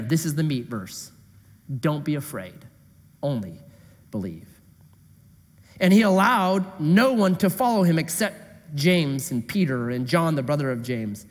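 A man preaching a sermon, reading scripture and explaining it, lively and then dropping to a hushed voice for emphasis. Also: high voice. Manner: animated, drops to a hushed voice for emphasis. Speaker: pastor. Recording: echoey hall.

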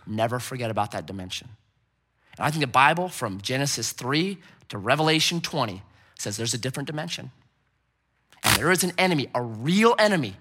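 Animated, bright-voiced male preacher. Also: fairly high pitch, slightly rough. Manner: animated preaching with acted quotes and sudden loud peaks. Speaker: pastor. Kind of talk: sermon.

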